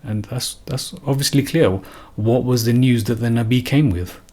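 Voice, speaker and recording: A man's voice: medium pitch, moderate pace, darkish tone. A man giving an unscripted religious talk, earnest and emphatic, often repeating and restarting phrases. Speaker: religious commentator.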